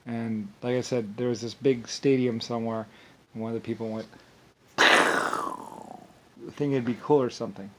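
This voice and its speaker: A man's voice: mid-range voice, steady tone, moderate pace, pauses often, mellow, a little hiss or hum. A man talking in a rambling, profane monologue, full of restarts and angry outbursts. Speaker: video monologue speaker.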